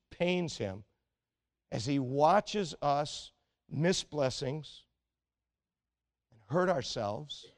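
Male pastor, fairly high voice, earnest sermon delivery that sinks to quiet urgency. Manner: earnest and exhorting, often dropping to a quiet, intense tone.

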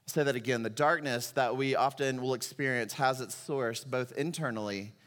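A man's voice: medium pitch, normal speed, a bit bright, in a large hall. A middle-aged man preaching a sermon as pastor, emotional and rising to impassioned cries as he reads scripture.

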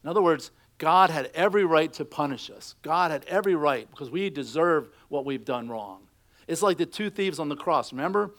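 A man's voice: on the high side, expressive, brisk, fairly bright tone. A middle-aged man preaching a sermon, telling stories and acting out quotes in a conversational way. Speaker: pastor.

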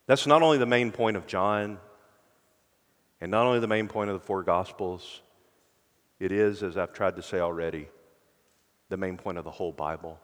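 A male pastor preaching a sermon with earnest conviction, often dropping to a hushed tone for emphasis. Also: low voice, normal speed, long pauses, long reverb tail.

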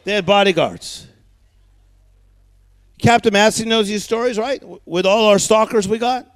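A middle-aged man preaching an energetic sermon, telling stories with punchy asides, calling on the crowd to answer and repeating words in a driving rhythm. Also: high-pitched, moderate pace, no room sound. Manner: emphatic, rhythmic repetition of words; storytelling with punchy asides and call-and-response.

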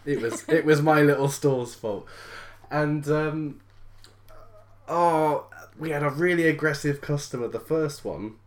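A woman's voice: low-pitched, unhurried. Laughing British woman telling a shop story. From Britain. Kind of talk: casual chat.

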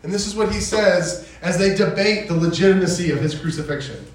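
A man's voice: high-pitched, brisk. Male pastor, sermon, casual retelling, very echoey hall, distant mic. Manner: conversational, paraphrases scripture in casual voices.

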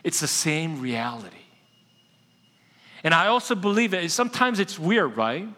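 A male pastor with a high, ringing voice delivers a sermon as a lively storyteller, slowing down to press his key points. His voice carries a long reverb through a church sanctuary. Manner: animated storyteller, slows down to stress key points.

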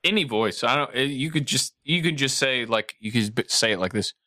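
A man's voice: medium pitch, moderate pace, bright, forceful tone, no room sound, studio quality. A man hosting a prank phone call, pushy and rambling, coaxing the other side again and again. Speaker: host making a prank call.

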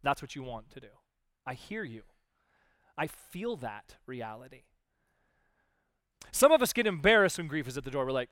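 A man preaching a sermon as pastor, conversational and animated, acting out little quoted voices. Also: fairly high pitch, a little fast, dry recording, studio quality.

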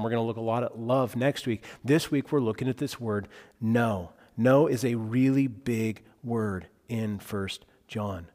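With a medium-pitched voice and a long reverb tail behind it, a male pastor gives an expressive sermon. He speeds up to retell dialogue and lowers to a hush to stress points.

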